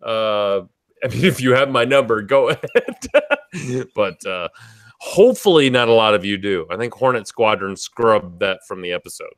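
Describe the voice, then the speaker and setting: A man hosting a live podcast, joking loudly and swearing freely in casual chat. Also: fairly low pitch, expressive, moderate pace. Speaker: podcast host.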